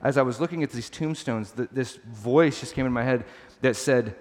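A man's voice: mid-range voice, normal speed, a little mellow. A man in his thirties preaching a sermon in an earnest, conversational way, repeating and restarting phrases. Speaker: pastor. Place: church hall. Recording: long church hall reverb.

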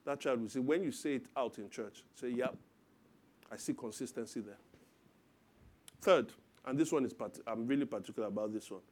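A man in his thirties preaching a sermon as pastor, lively and acting out parents and children in quoted voices. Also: medium pitch, a little fast, long pauses.

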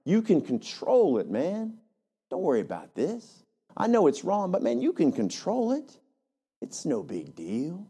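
A man voicing the devil as a smooth tempter who plays down wrongdoing in a low, coaxing tone. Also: huge pitch swings, measured pace, dark tone, exaggerated voice.

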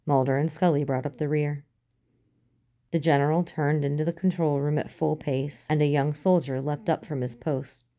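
A woman reads a story aloud like an audiobook, with a steady, even delivery. Her voice is low and dark, with a mellow, relaxed warmth. She keeps a calm storytelling pace through the narration. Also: moderate pace. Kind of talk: audiobook reading of fan fiction.

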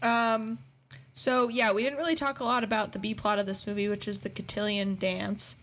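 A woman's voice: mid-range voice, little pitch movement, moderate pace, a bit bright. A woman co-hosting a casual podcast, chatty and recapping a movie plot. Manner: chatty, recaps with swearing for laughs. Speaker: podcast co-host.

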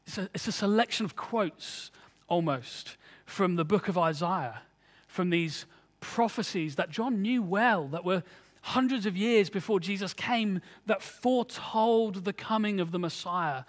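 High-voiced preacher in a reverberant hall. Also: male voice, unhurried. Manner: conversational, earnest preaching with rhetorical questions. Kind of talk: sermon.

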